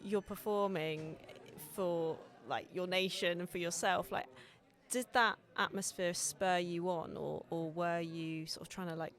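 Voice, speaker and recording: A woman's voice: fairly low pitch, fairly even intonation, unhurried, faint music behind. A woman co-hosting a podcast, asking questions casually with many "like" fillers. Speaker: podcast co-host.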